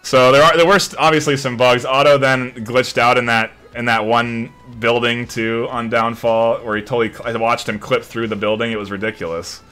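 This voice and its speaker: A man's voice: medium pitch, level tone, brisk, few pauses, pushed and bright, smooth, faint music behind. A man casting a live esports match, rambling loosely and swearing casually. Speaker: esports shoutcaster. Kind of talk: casual live stream commentary.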